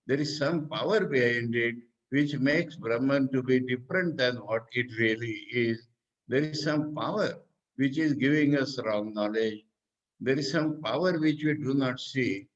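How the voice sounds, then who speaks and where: A man with an Indian English accent, a monk and teacher giving a spiritual discourse on scripture. He explains slowly, asking questions and then answering them himself. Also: medium pitch, highs cut off.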